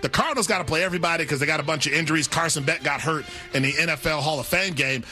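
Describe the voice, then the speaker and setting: A man previewing football games as a sports analyst, with a showy sales-pitch delivery and lots of flavor. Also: very fast, bright, forceful tone, faint music behind. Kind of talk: hyped game preview segment.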